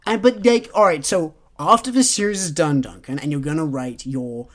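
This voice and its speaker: A man's voice: fairly high pitch, normal speed, fairly bright tone. A man co-hosting a podcast in casual book chat, teasing his co-host playfully and laughing often.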